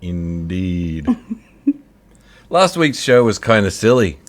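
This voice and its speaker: Laid-back, low-voiced man. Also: very animated, takes it slowly. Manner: jokey, laughs often, puts on a mock announcer voice. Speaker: radio show co-host. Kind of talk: casual banter on an online radio show.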